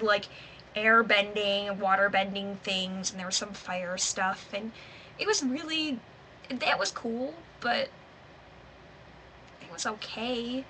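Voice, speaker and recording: A woman with a Michigan accent talks through a movie review in a loose, rambling way, with asides and plenty of fillers. Her voice sits a little high and sounds bright and forward. It is a casual, unedited video review. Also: a little hiss or hum, low-quality recording. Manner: chatty, rambling, lots of "like" and trailing asides.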